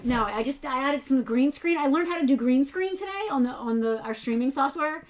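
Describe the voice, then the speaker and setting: A woman with a slightly raised pitch co-hosts a toy shop's live stream. She chats loosely, laughs often, and drifts into rambling asides. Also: animated, a little fast. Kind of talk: casual live-stream chat.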